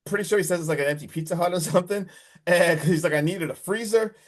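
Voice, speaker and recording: A man casually recapping a horror movie on a podcast, animated and full of swearing, acting out the characters' lines. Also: high voice, quick pace. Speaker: podcast co-host.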